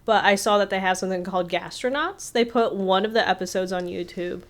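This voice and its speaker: A woman's voice: mid-range voice, brisk. A woman co-hosting a casual podcast chat, acting out the people in her stories. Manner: animated storyteller acting out quotes. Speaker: podcast co-host.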